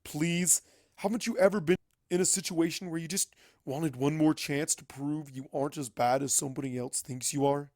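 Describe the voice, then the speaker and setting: A man's voice: fairly high pitch, fairly even intonation, normal speed, darkish tone, no echo, clean studio sound, natural voice. A man voicing a proud but weary male unicorn wizard in a fanfic audiobook reading, earnest and apologetic. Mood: pleading.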